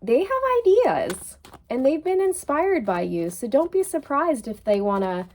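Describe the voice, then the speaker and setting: Slow, mellow-voiced woman reading tarot. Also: sits high, big pitch swings. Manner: loose and chatty, repeats phrases, laughs at her own slips. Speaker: tarot reader. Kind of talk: tarot card reading monologue.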